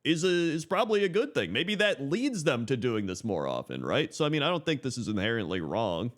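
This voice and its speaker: A man's voice: mid-range voice, sing-song, brisk. Casual man thinking aloud. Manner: thinks aloud, tags lines with "right?". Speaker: reaction channel host. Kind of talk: casual reaction commentary.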